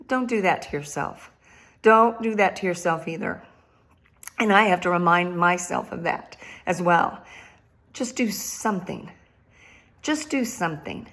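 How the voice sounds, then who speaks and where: A woman's voice: on the low side, animated, measured pace, pauses often. Laughing grandmother giving a faith talk. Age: older. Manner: warm, laughs often, repeats phrases for emphasis. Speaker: Christian speaker. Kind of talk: casual devotional talk.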